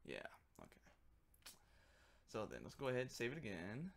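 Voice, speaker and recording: A man chats loosely on his livestream as he works, drifting between jokes and quiet muttering. His voice has a gravelly edge. His pitch rises and falls a lot. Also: huge pitch swings, moderate pace. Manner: rambling, joking, muttering to himself. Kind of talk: casual livestream chat while working.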